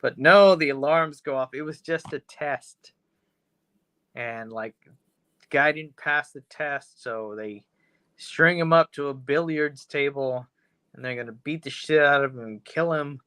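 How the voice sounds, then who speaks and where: A man's voice: on the high side, unhurried, pushed and bright, clear, resonant tone, dry recording. A man co-hosting a podcast, retelling a story in a rambling, profane way and acting out the characters' lines. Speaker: podcast co-host. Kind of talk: casual chat, retelling a film episode.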